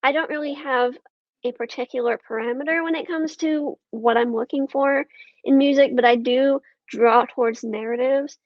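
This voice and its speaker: A woman's voice: high-pitched, fairly even intonation, moderate pace, no echo, highs cut off. A woman guest on a podcast, chatting casually and hesitantly, with lots of ums and trailing thoughts. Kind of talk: casual conversation.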